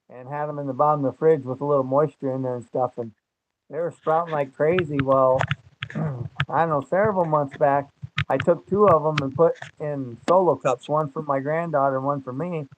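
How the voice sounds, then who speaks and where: An older man, chatting in a rambling, folksy way as host of a homesteading channel. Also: on the high side. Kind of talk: casual chat. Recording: dull lo-fi sound, faint noise.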